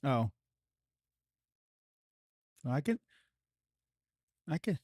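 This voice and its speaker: A man running a live-streamed tabletop game as game master, casual and profane with a slow, drawn-out narrating manner. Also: medium pitch, big pitch swings, a little mellow, dry recording, studio quality.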